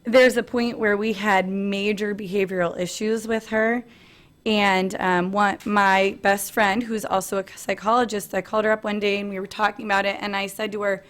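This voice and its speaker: A woman in her thirties giving an earnest personal presentation at a family meeting, pausing often on "um". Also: mid-range voice, level tone, a bit bright. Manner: earnest, frequent "um" fillers, light laughs.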